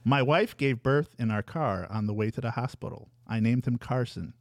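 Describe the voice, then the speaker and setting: A man's voice: mid-range voice, moderate pace, no room sound, studio quality. A man co-hosting a casual podcast, telling corny dad jokes and laughing often. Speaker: podcast co-host. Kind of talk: casual chat.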